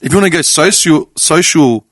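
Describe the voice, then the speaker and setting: A young man of Greek family hosting a casual podcast chat, animated and swearing freely as he retells conversations. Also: on the high side, moderate pace, no echo. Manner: animated storyteller, swears freely, quotes others. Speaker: podcast host.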